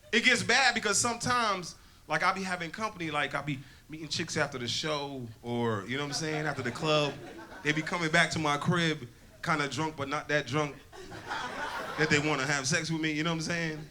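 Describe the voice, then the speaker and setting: Brief: stand-up comic, slangy and profane, fairly high voice, live crowd laughing. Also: male voice. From Connecticut. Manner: loose, slangy, profane storytelling. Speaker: stand-up comedian. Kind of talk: stand-up comedy set. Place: comedy club stage.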